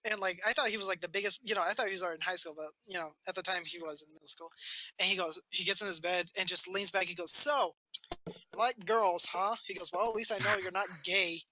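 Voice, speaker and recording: Bright-voiced man rambling through a story. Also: high-pitched, fairly even intonation, quick pace, low-quality recording. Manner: rambling, swears a lot, acts out quotes. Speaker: podcast co-host. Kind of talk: casual storytelling chat.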